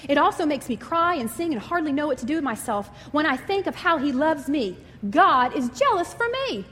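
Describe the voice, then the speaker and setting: A woman giving an animated sermon full of personal stories and acted-out quotes. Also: high-pitched. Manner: animated, storytelling, acts out quoted voices. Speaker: speaker giving a devotional talk. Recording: long reverb in a hall.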